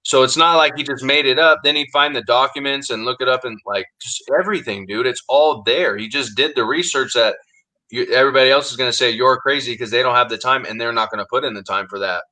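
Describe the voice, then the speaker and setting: A man's voice: mid-range voice, fast, bright, forceful tone, rough recording. A man co-hosting a podcast in casual chat, talking emphatically and insistently and calling his friend "dude". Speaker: podcast co-host.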